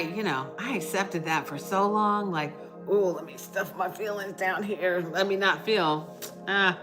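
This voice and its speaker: Bright, chatty woman hosting a livestream. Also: medium pitch. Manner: chatty and reassuring, reads out viewer comments. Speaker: livestream host. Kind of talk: casual live chat with viewers.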